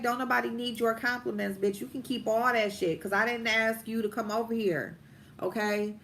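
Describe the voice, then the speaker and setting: A woman's voice: a little high, steady tone, normal speed, fairly bright tone. A woman hosting a casual livestream, ranting bluntly and profanely, stretching out her emphatic lines while she does her makeup. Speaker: vlogger host.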